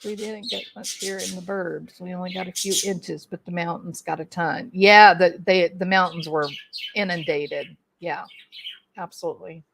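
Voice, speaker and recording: A woman's voice: fairly low pitch, steady tone, moderate pace, vocal fry, noisy background. A middle-aged woman hosting a casual livestream from home, chatting folksily and addressing viewers by name. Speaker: livestream host reading chat. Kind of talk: casual chat.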